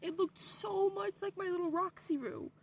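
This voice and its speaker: A young adult woman vlogger telling a story in a casual way, with animated delivery and frequent swearing. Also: very high-pitched, moderate pace, gravelly, a little hiss or hum.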